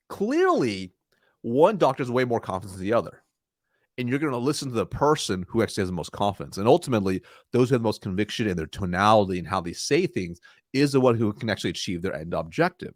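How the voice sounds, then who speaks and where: Man, sales coach, lively varied pitch, energetic, dry close sound. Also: fast, no room sound. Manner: energetic, demonstrates weak and confident tones by shifting his pitch. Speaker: sales consultant, guest. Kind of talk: interview answers, coaching.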